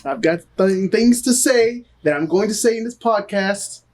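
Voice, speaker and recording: A man's voice: sits high, lively intonation, moderate pace, darkish tone. A young man co-hosting a podcast in casual chat, stumbling over restarts and laughing often. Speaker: podcast co-host.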